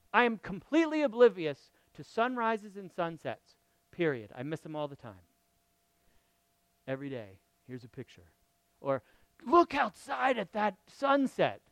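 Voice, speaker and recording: A middle-aged man preaching a lively, conversational sermon, often asking his listeners questions. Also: a little high, smooth, no echo. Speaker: pastor.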